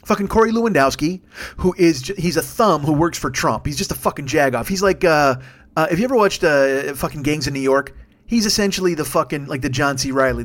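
A man's voice: medium pitch, a bit bright. A man who is a comedian hosting his podcast, ranting furiously and profanely. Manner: profane, furious, rapid-fire. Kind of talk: angry comedic rant.

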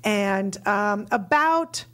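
A woman's voice: medium pitch, drawn-out words. A woman in her thirties, a stand-up comedian, telling stories casually on a podcast and acting out the quotes. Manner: animated, acts out quotes in raised voices.

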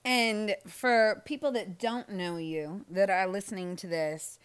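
A woman's voice: mid-range voice, steady tone, unhurried, clear, resonant tone. A woman hosting a podcast interview, casually prompting her guest with questions. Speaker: podcast host. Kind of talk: conversational interview.

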